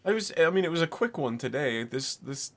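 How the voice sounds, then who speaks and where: A man hosts a casual podcast with a lively, bouncy voice that rides a little high. He rambles through his stories and laughs often. Rich with energy, in loose conversational chat. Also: fairly quick. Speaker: podcast host.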